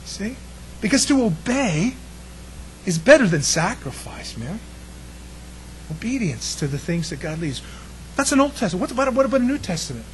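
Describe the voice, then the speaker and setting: A man preaching a sermon to a congregation, chatty and lively, throwing in jokes and questions to the room. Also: high-pitched, normal speed, long pauses, a little hiss or hum, low-quality recording. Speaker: pastor.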